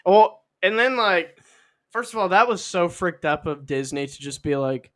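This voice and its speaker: A young man co-hosting a casual podcast, telling jokes and acting out scenes. His voice sits a little high and sounds bright and forceful. His pitch swings widely as he laughs his way through the bits. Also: animated. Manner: joking, acts out scenes with quick voices, laughs a lot. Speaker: podcast co-host. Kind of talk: casual comedic chat.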